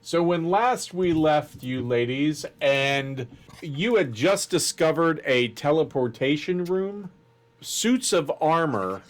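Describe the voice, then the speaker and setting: A man narrating as game master of a tabletop game in a deliberate, descriptive way. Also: a little high.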